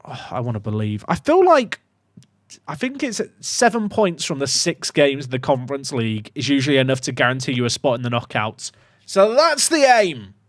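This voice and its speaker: A young man giving casual, excitable commentary on his game to his chat, swinging from muttering to loud outbursts. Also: medium pitch, normal speed, no echo, studio quality. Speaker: gaming YouTuber.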